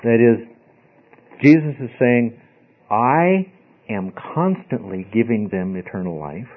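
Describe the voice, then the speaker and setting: A husky-voiced man leads a Bible study class, stressing his points and checking in with his students. His voice sits at a middle pitch. The recording is dull and lo-fi. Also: animated, slow pace. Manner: emphatic, asks the class questions often. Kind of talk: informal classroom teaching.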